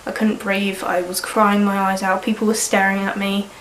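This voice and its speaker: A woman in her early twenties, sniffly with a cold, rambles frankly through a personal vlog and swears casually. Her mid-range voice is a bit bright, delivered flat at normal speed. The rough recording sounds roomy, with a little hiss or hum.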